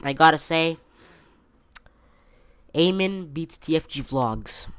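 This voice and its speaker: A man's voice: a little high, lively intonation, slow pace, a bit bright, clear, resonant tone, no room sound. A man hosting a casual solo podcast from his bedroom, rambling with many fillers and restarts. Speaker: podcast host.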